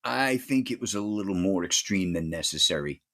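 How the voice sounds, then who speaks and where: A man co-hosting a movie podcast, talking casually and haltingly with many fillers. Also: deep voice, animated, bright, forceful tone. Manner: rambling, hesitant with many fillers. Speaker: podcast co-host. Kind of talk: casual movie review chat.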